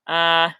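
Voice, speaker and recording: A woman's voice: sharp tone, no echo. A young woman hosting a casual live stream, reading viewer questions and chatting with frequent laughs. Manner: chatty, self-deprecating, laughs often.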